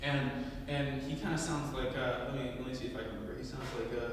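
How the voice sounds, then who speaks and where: A man from Louisiana hosting a comedy show, telling a crude story in a lively stand-up manner. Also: mid-range voice, fast talker, noisy background. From Louisiana, US South. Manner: lively, crude, swings from quiet to loud. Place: comedy club. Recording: echoey club, mic far off.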